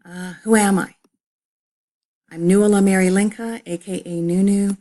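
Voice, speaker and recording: A woman's voice: mid-range voice, steady tone, measured pace, dark tone. A middle-aged woman teacher walking students through her online college English course, explaining with repetition and frequent fillers. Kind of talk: recorded online course walkthrough.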